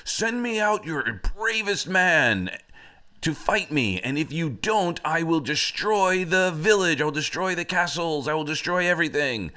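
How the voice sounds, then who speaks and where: A man's voice: fairly high pitch, expressive, measured pace, bright, forceful tone, voice pushed up. A man voicing a huge red-bearded giant who bellows threats at a village. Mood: threatening.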